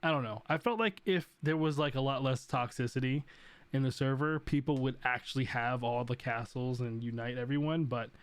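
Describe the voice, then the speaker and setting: A man's voice: mid-range voice, moderate pace, smooth, no room sound. Rambling male gaming-podcast host. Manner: rambling, many fillers. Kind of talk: casual gaming chat.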